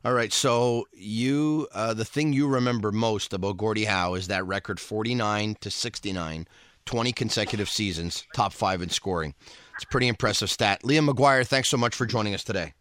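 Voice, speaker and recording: Male radio host, low register, brisk announcer read, dry close mic. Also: fairly bright tone, no echo. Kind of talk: radio interview and live ad read.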